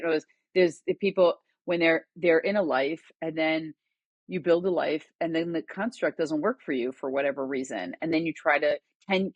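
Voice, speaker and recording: A woman's voice: low-pitched, no room sound. A middle-aged woman, a guest author and educator, telling stories in conversation and acting out the dialogue in them. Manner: animated storyteller, acts out quoted dialogue. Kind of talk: conversational storytelling.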